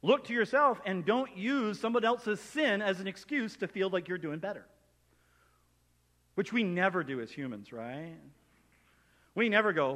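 Male pastor, sermon delivery, lively asides in character, echoing hall sound. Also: high voice, normal speed, pauses often. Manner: animated preaching, acting out imagined inner voices. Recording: long reverb of a hall.

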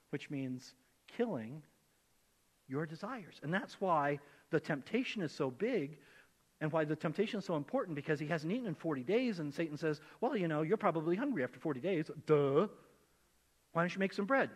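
A man preaching a sermon as pastor, conversational and animated, acting out the voices he quotes. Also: a little high, big-room sound. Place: church.

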